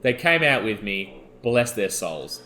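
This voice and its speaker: A young adult man, co-hosting a podcast and telling a wild story in excitable casual chat. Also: fairly low pitch, a little slow, soft background music. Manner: animated, excitable storytelling, yelling out quoted lines. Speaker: podcast co-host.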